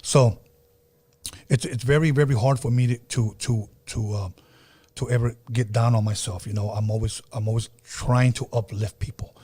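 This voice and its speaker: A man's voice: mid-range voice, fairly even intonation, normal speed, mellow, breathy edge. A man hosting a podcast, speaking earnestly and reflectively, with frequent restarts. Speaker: podcast host. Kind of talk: casual podcast talk.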